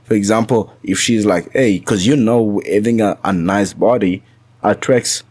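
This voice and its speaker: Deep-voiced man in casual chat. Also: moderate pace, darkish tone, no room sound. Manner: earnest, stammering restarts. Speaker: podcast guest.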